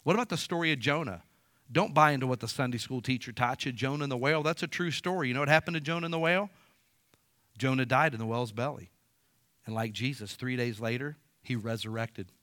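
A pastor preaching a sermon, swinging between quiet stretches and loud emphatic peaks. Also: male voice, mid-range voice, fast, dry recording, studio quality.

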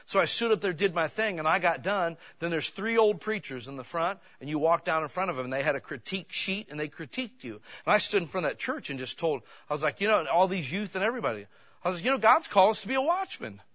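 Middle-aged male pastor, bright voice, folksy storytelling sermon style. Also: fairly high pitch, lively intonation, fast. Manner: folksy, conversational, builds to shouting peaks.

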